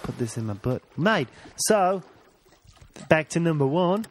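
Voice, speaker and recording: A man's voice: fairly high pitch, sing-song, unhurried, a little hiss or hum. A man co-hosting a comedy podcast in a put-on Australian accent, joking and saying "mate" constantly. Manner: jokey, says "mate" constantly. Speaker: co-host. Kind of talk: improvised comedy podcast banter.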